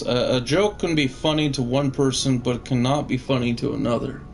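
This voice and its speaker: A man chatting over his gameplay in a slow, rambling way. He swears casually and laughs at his own remarks, with game music faintly underneath. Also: mid-range voice. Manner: rambling, profane, laughs often. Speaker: gamer, channel host.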